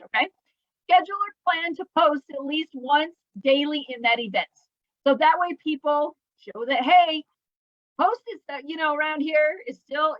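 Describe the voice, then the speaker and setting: A woman's voice: sits high, no room sound, lo-fi sound. Upbeat chatty woman leading a team training. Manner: upbeat, chatty, asks rhetorical questions. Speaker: jewelry business team leader. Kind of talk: live team training talk.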